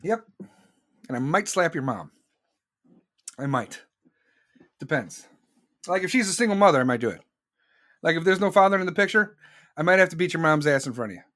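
Profane, ranting man with a high voice. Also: animated, a little fast, long pauses, pushed and bright. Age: adult with children. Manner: profane, aggressive, repeats himself for emphasis. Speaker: podcast host. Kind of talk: blunt ranting monologue.

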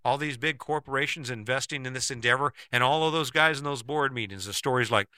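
Man, piercing bright tone, dry close sound, skeptical talker who keeps asking rhetorical questions. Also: medium pitch, fast, hardly any pauses, clear, resonant tone, no echo. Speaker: speaker giving a monologue to camera. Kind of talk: persuasive commentary monologue.

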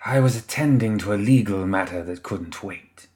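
A man's voice: fairly low pitch, normal speed, a little mellow, close to an everyday voice. A man voicing a resentful, restrained secretary who answers in clipped words through gritted teeth in an audiobook. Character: cold, resentful male secretary, tightly restrained. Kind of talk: audiobook character voice.

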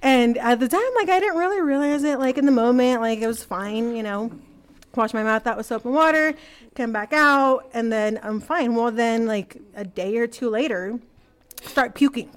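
A young adult woman, speaking at normal speed in a slightly high voice, tells a personal story as a podcast guest. She's casual and uses lots of fillers like "like" and "you know."

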